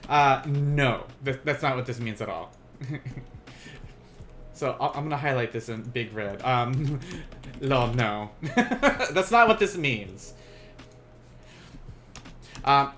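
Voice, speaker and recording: A man teaching a beginner Japanese lesson on a live stream, chatty and quick to laugh, often correcting himself mid-sentence. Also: mid-range voice, big pitch swings, a bit bright.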